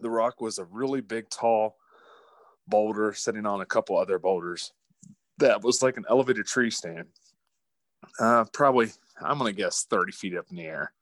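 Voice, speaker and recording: Man, low voice, animated folksy storyteller, dry recording. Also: moderate pace, dry recording. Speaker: guest. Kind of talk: casual storytelling.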